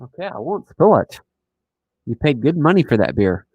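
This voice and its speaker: A man's voice: mid-range voice, sing-song, normal speed, husky, dry recording, narrow, tinny audio. Playful rambling man on a live stream. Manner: joking, rambling, playful silly humor. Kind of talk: casual live-stream chat.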